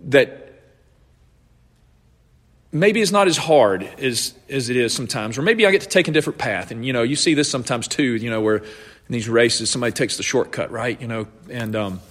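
A man preaches in an earnest, searching way, often repeating and restarting phrases as he unpacks scripture. His voice sits a little high for a man and has a husky edge. The sound trails off in the long reverb of a large hall. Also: expressive, normal speed. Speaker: pastor. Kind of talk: sermon.

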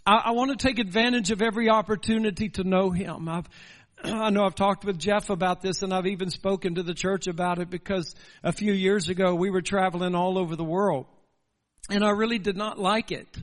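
A man's voice: high-pitched, fairly even intonation, fairly quick, in a large hall. A man preaching a sermon in a church, earnest and building through repeated rhetorical questions. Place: church sanctuary.

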